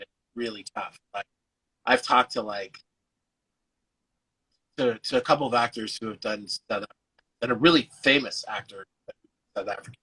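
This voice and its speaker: A man's voice: mid-range voice, bright, forceful tone, breathy edge, poor audio. A man, an actor guest, chatting casually over a video call, loose and full of fillers and restarts, with the odd swear. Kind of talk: casual chat.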